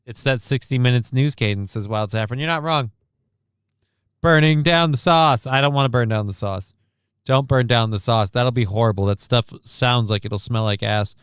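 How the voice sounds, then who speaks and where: A man's voice: medium pitch, moderate pace, fairly bright tone, clear, resonant tone, no room sound, clean studio sound. A man streaming casual reaction commentary on a news clip, sarcastic and rambling, reading chat comments aloud.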